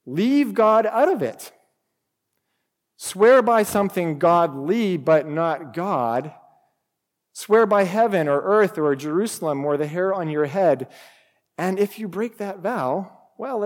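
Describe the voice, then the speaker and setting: Slow, reverberant preaching man. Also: high-pitched. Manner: deliberate preaching with emphatic rhetorical questions. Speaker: pastor. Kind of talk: sermon.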